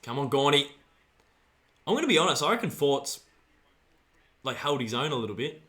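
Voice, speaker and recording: Excitable young Australian man, bright voice. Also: medium pitch, moderate pace. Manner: excitable, shouts at play, banters with chat. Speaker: livestream host. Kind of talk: live sports watch-along commentary.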